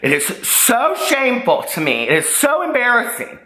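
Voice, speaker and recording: Upset man ranting on a vlog, lively swinging pitch, bright tone, roomy echo. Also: moderate pace. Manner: upset, agitated, rambling with restarts. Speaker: YouTuber responding to allegations. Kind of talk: emotional vlog rant.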